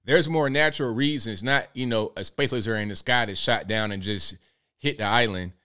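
Male call-in host, casual and loose, smooth voice. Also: fairly low pitch, normal speed, pushed and bright. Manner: casual, loose, repeating himself. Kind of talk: call-in show talk.

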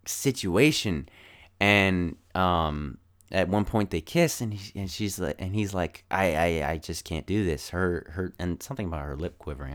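A man's voice: sits low, fairly bright tone. A man casually recapping a film, rambling and thinking aloud as he goes. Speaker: film reviewer.

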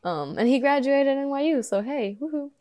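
A woman's voice: high-pitched, expressive, moderate pace, mellow. A young woman co-hosting a podcast in casual chat, laughing often and swearing offhandedly. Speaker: podcast co-host.

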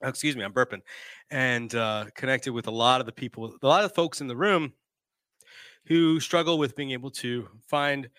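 Guy hosting a live show, chatty and laughing a lot, dry sound, bright tone. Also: medium pitch, normal speed, dry recording. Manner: laughing, reading out comments, animated. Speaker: podcast host. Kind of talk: casual live-stream chat.

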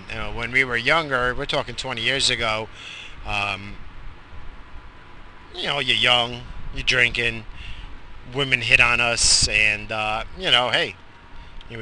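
Exhausted man with a sharp, bright voice. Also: mid-range voice, vocal fry, slight background noise. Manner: profane, blunt, joking. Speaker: podcast host. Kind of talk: crude rambling monologue.

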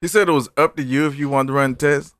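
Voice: mid-range voice, fast talker, no room sound, studio quality. A podcast host in casual comedic banter, asking questions and riffing on the story in slangy talk. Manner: animated, slangy, asks questions and riffs in put-on voices.

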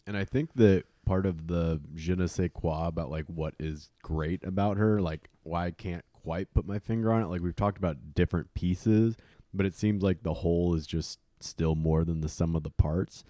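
A man's voice: low voice, normal speed, no echo. A man from Texas talking casually and thoughtfully in a book discussion. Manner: relaxed, thoughtful, filler-heavy.

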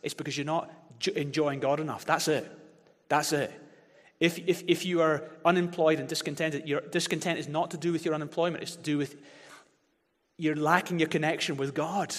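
A man's voice: a little high, steady tone, fairly quick, a bit bright. A man preaching a sermon as pastor, passionate and emphatic, leading his congregation to repeat verses aloud. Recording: long hall reverb.

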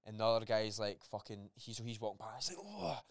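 A man's voice: fairly low pitch, flat delivery, fast talker, dry recording. A Scottish man co-hosting a podcast about strength training, speaking emphatically in casual chat. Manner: emphatic, talks in bursts with many "aye"s. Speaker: podcast co-host and strength coach.

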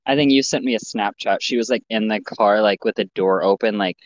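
A man's voice: on the low side, a little fast, dry recording. Blunt joking man, dull lo-fi sound. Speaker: podcast host. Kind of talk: casual podcast chat.

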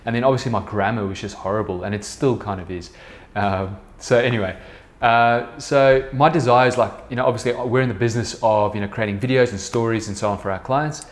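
A man's voice: on the low side, fairly even intonation, brisk. Afrikaans-accented man, rambling podcast talk. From South Africa. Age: 30s. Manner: rambling, many fillers and restarts. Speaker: podcast host, business co-founder. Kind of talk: casual solo podcast talk.

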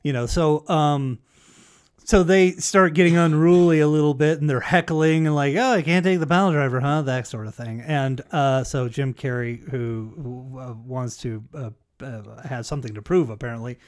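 A man's voice: medium pitch, steady tone, moderate pace, a little mellow. A man telling a story in casual chat, swearing freely and acting out the quotes. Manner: profane storyteller, acts out quotes.

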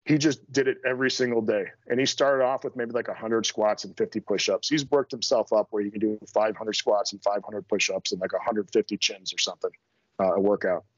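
Speaking briskly in a lowish, steady voice, a middle-aged man who coaches strength talks bluntly and directly on a podcast, often poking fun at himself during the casual interview. The recording is dry and lo-fi.

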